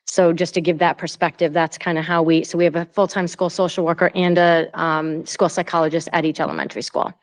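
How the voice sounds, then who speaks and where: Low, flat-voiced woman administrator. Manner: measured, explanatory, with "um" fillers. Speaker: school district administrator. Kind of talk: explanatory reply at a board meeting. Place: town hall meeting room.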